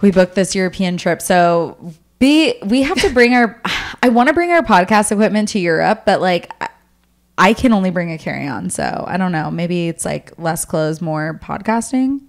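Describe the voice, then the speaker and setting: A young woman co-hosting a podcast, telling family stories in casual chat, quick and swearing, mimicking her parents. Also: lowish voice, expressive. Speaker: podcast co-host.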